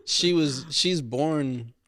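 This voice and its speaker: A man's voice: on the high side, very slow, crowd noise. A man in casual chat, telling loose stories and laughing often. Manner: relaxed, rambling storyteller, laughs often.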